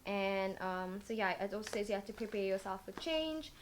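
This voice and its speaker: A woman talks through a tarot card reading in a loose, rambling way, filling pauses with ums and likes as she thinks aloud. Her voice sits at an ordinary middle pitch. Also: lively intonation, a little hiss or hum. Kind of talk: casual tarot reading vlog.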